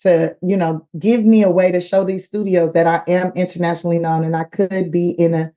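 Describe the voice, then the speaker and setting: Animated slangy woman. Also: fairly low pitch, brisk. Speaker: comedian guest. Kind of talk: animated storytelling.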